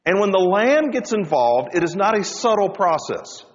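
Male pastor, fairly high voice, lively sermon delivery, dull recording with long hall reverb. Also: normal speed. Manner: animated preaching, rising and dropping for emphasis.

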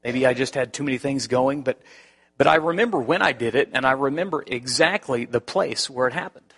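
A male pastor delivering a sermon, telling a personal story in an animated way, with frequent restarts. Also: medium pitch, brisk, breathy edge.

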